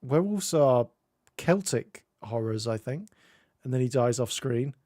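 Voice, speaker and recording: A man's voice: medium pitch, animated, dark tone, no room sound, clean studio sound. Laughing British man chatting on stream. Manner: laughs often, tells anecdotes with quick silly voice impressions. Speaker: streamer host. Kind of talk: casual chat while gaming.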